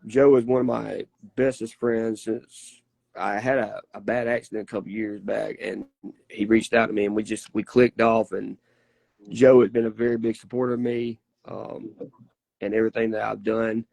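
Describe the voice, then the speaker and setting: Excitable man with a dry close sound. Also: lowish voice, moderate pace, gravelly, dry recording. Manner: folksy, emphatic, profane. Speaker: wrestler guest. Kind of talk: casual interview storytelling.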